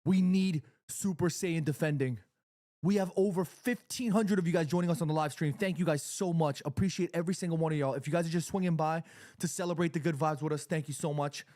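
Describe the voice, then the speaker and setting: A man streaming a live football watchalong, excitably commenting on the play and reading out viewers' chat messages. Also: a little high, fast talker, no echo, clean studio sound. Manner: excitable, chatty fan commentary.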